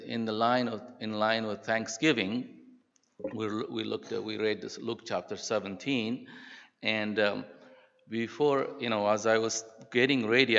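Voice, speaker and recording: An older man, a pastor, preaching a sermon in a church in an earnest, halting way. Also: lowish voice, fairly bright tone. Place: church sanctuary. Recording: dull sound with long hall reverb.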